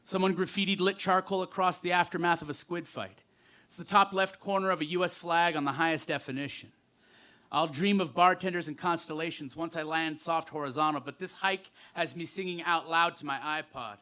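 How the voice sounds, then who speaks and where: A man performing spoken word poetry live on a festival stage, with rhythmic delivery and pointed pauses, into a stage microphone. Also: on the high side, fairly even intonation, bright, forceful tone.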